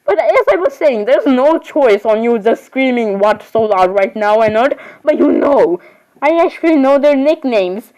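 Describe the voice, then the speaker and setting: A woman with a high voice voices all the dolls in a homemade, improvised role-play. She rambles in a chatty way and breaks into sudden surprised squeals. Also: animated, measured pace, darkish tone, poor audio.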